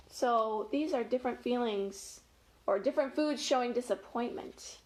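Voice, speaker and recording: A woman's voice: on the high side, moderate pace, darkish tone, slight background noise. A woman, a family educator, reading a picture book aloud to children in a playful, chatty way, with gasps and laughs along the way.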